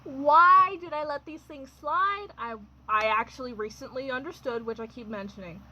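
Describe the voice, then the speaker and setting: A woman's voice: high voice, moderate pace, pushed and bright, dull audio. A young adult woman telling a personal storytime in a chatty, wry way, full of fillers and laughs. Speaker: vlogger. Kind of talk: casual storytime.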